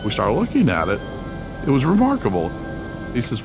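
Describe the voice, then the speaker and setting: A man's voice: mid-range voice, wildly swooping pitch, fairly quick, over music. A man in an interview clip telling an anecdote, laughing now and then as he recounts it. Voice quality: gravelly, laughs between phrases.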